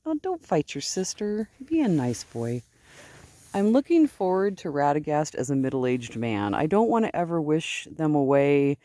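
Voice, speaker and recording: A woman's voice: low-pitched, mellow, no echo. A woman sheep farmer rambling casually on an outdoor farm vlog, chatty and fond. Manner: rambling, chatty, baby-talks to her sheep. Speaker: sheep farmer and video host.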